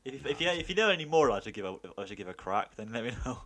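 A young British man co-hosting a casual podcast who talks excitably and stumbles over repeated words. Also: medium pitch, racing. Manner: excitable, stammering. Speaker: podcast co-host. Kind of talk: casual chat.

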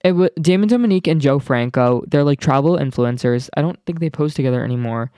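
A young man hosting his own podcast, chatting casually in an excitable, rambling way full of asides. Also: on the high side, quick pace, clear, resonant tone, dry recording, clean studio sound. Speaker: podcast host. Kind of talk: casual solo podcast chat.

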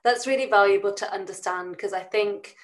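Brief: woman host, mid-pitched, reflective and thoughtful, asks long questions. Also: brisk, rough recording. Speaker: podcast host. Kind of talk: interview conversation.

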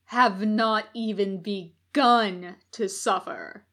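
A woman voicing a cruel, sneering demon duke. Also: medium pitch. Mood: menacing. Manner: slow, loud, hissing through teeth.

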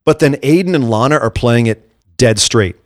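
Man, casual co-host chat, animated retelling, acts out quotes, dry close sound. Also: medium pitch, moderate pace, no room sound. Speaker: podcast co-host. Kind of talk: casual chat recapping wrestling.

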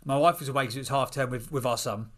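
A middle-aged man, a podcast guest, telling a personal story in an animated, casual way. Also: mid-range voice. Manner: animated, quick storyteller with restarts.

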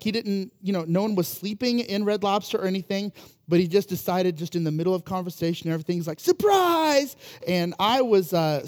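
A man's voice: on the high side, darkish tone. A man preaching a casual sermon, telling humorous family stories in a conversational way, full of fillers and restarts. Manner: humorous, self-deprecating anecdotes. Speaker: pastor.

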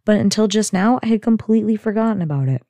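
Brief: wry sitcom mom, voiced by a woman, mellow low voice, dry sound. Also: animated, quick pace, no echo, lightly acted. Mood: wistful. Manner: sarcastic, dry. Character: wisecracking sitcom mom, middle-aged woman.

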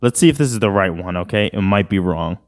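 A man's voice: low voice, lively intonation, quick pace. A man hosting a podcast in a casual, rambling, slangy chat. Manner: rambling, laid-back, slangy. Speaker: podcast host.

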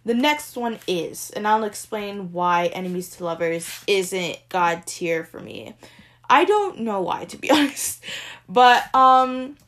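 A young woman chatting casually and gushing as she ranks romance book tropes, swinging between excited squeals and soft murmurs. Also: medium pitch, slow. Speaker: book vlogger ranking tropes. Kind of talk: casual chat.

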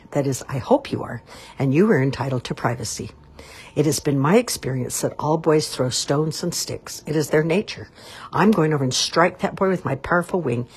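A woman's voice: deep voice, a little mellow, slightly rough, exaggerated voice. A woman voicing a pompous, hot-tempered male swan. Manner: pompous, indignant complaining. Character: proud, fussy, quick-tempered male swan.

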